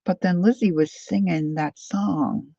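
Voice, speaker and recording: A woman talks slowly through a live crafting session, her voice gravelly and rough at the edges. She rambles, laughs at herself and greets viewers by name. The sound is dry and close, but a little dull and lo-fi. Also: fairly low pitch, mellow, dry recording. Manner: rambling, self-deprecating, chats with viewers by name. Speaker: craft livestream host. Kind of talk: chatty live crafting stream.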